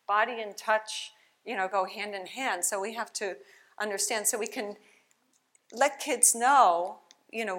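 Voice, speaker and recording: A woman play therapist giving a conference keynote talk, chatty and animated, telling stories to the audience. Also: medium pitch. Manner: chatty, animated storytelling with laughs. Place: conference hall.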